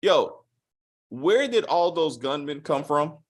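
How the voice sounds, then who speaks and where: A man hosting a casual spoiler review of a TV episode, animated and profane, acting out quotes with big swings in his voice. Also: fairly high pitch, slow. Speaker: TV review host.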